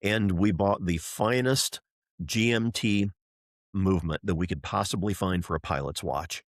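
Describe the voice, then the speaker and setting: In an unhurried, low voice, a middle-aged man tells an enthusiastic story as a podcast guest, doing the voices of the people he quotes. He is a race driver and entrepreneur. The recording is dry and of studio quality.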